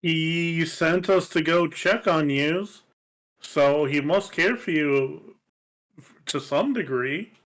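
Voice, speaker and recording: A man's voice: on the high side, takes it slowly, a bit bright, poor audio. A man playing a tabletop game who speaks plainly and asks the game master questions. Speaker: player.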